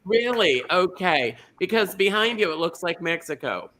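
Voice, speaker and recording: A man's voice: high voice, animated, normal speed, very noisy. A man playing a chatty middle-aged small-town lady who hosts a comedy bingo show, gushing and rambling, tripping over names, on a video call. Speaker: host. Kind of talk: comedic drag character hosting.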